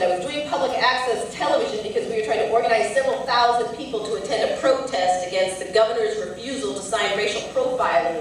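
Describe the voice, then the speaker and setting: A woman's voice: a little high, far from the mic, slight background noise. A woman lawyer giving a lecture, telling a personal story in an earnest, vivid way. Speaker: civil rights lawyer and lecturer. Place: large lecture hall. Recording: very echoey hall, heard from afar.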